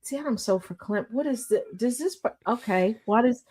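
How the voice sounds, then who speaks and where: High-pitched woman host reacting to news, voice jumps all over, laughing and exclaiming a lot. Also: lively intonation, moderate pace, darkish tone, husky. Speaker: show host. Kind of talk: casual news reaction chat.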